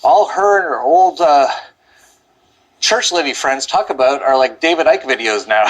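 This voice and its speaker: A man's voice: a little high, animated, normal speed, poor audio. A man vlogging outdoors while walking up a steep hill, rambling and out of breath, sighing often. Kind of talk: casual walking monologue.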